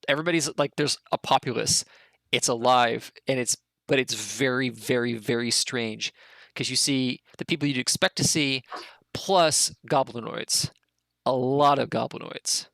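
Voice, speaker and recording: A man narrates a tabletop game as game master, at an ordinary pitch. He rambles, restarts, and fills gaps with asides. His mic is close and dry. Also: vocal fry, a bit bright, no echo. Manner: rambling, many fillers and restarts.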